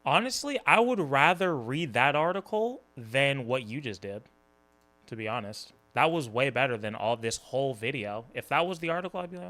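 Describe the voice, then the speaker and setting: A man's voice: mid-range voice, lively intonation, moderate pace, sharp tone. A man hosting a reaction video, talking in a casual, mocking and exasperated way, swearing often. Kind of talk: casual commentary.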